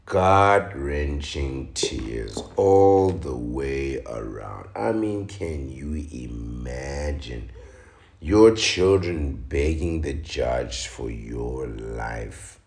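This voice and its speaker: A man with an extremely deep, gravelly voice delivers slow, dramatic commentary, swinging his pitch widely between a low drawl and sudden loud outbursts. He mocks and moralizes as he reacts to a news story. The sound carries a noticeable room echo. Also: expressive. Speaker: commentary channel host.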